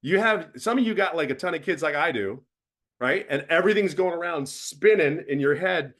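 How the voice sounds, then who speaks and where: A man's voice: fairly high pitch, animated, normal speed, a bit bright. A middle-aged man giving a blunt, preachy motivational mentoring talk as guest host, with emphatic bursts.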